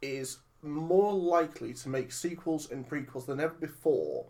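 A man's voice: fairly high pitch, normal speed, warm tone. A man co-hosting a casual film podcast, talking in a rambling way and often correcting himself mid-sentence. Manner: rambling, self-correcting, laughs easily. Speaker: podcast co-host. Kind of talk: casual film review chat. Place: lives in Liverpool, not local accent.

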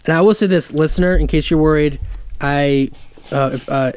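A man from Michigan rambling through a profane, self-mocking story as a podcast co-host. His voice sits slightly high and stays loose and casual. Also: moderate pace, darkish tone, clear, resonant tone.

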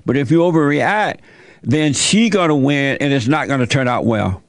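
Gravelly man giving blunt advice. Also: medium pitch, expressive, normal speed, dry recording, clean studio sound. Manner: preachy, folksy storytelling. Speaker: talk show host giving advice to callers. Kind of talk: advice call-in talk.

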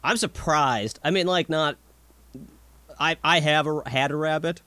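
A young man co-hosting a podcast in casual chat, swearing a lot and reacting excitedly. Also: on the high side, measured pace, no room sound. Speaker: podcast co-host.

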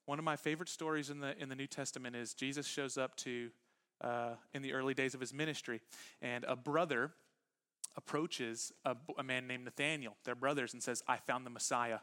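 A man preaching a sermon as pastor to a church congregation, talking casually, dropping to a hush on some lines and bursting out on others. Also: mid-range voice, fairly quick. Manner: conversational preaching that moves between quiet, intimate lines and animated bursts. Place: church sanctuary with live congregation.

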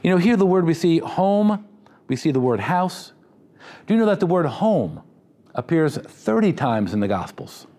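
A man's voice: on the high side, sing-song, normal speed, dark tone. A man preaching a sermon in a conversational, humorous style, with asides to the congregation. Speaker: pastor.

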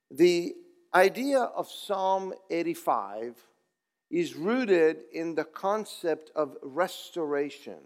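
A man preaching a sermon, reading scripture and praying, then urging his listeners on with rising fervor. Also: sits high. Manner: builds from slow prayerful reading to rising exhortation. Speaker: pastor.

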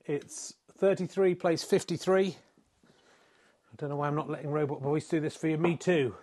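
A man's voice: on the high side, normal speed, a little mellow. A middle-aged man giving wry, self-mocking mock sports commentary, swearing in mock exasperation at the play. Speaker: comedy snooker commentator.

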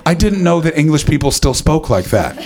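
A man's voice: on the high side, big pitch swings, fairly quick, a crowd in the background. A man in his thirties doing a stand-up set at a comedy venue, rambling through anecdotes and laughing at his own jokes. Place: comedy venue with live audience.

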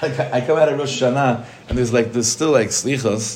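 A man's voice: medium pitch, fast, a little mellow, slight background noise. A man, a rabbi, teaching a casual Torah class in a conversational way, asking the group questions and mixing in Hebrew terms.

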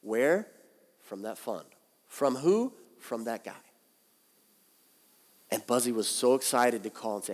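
A man's voice: medium pitch, animated, slow pace, long pauses. A man preaching a sermon as pastor, talking conversationally and with animation. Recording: long hall reverb.

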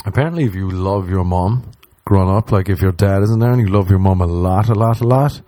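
A man's voice: low-pitched, fairly quick, no echo. Sweary man on a comedic rant. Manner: sweary, animated, mocking impressions of others.

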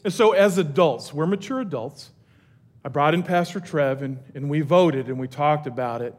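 With a voice on the high side and a moderate pace, a middle-aged pastor gives a relaxed, comic sermon from the church stage. He jokes energetically and keeps restarting his sentences.

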